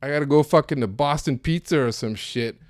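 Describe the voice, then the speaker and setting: A man's voice: on the high side, fairly quick, dry recording, studio quality, lightly acted. A man voicing a foul-mouthed Canadian man with a Canadian accent, telling a friend a rambling, profane story about getting scammed. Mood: griping.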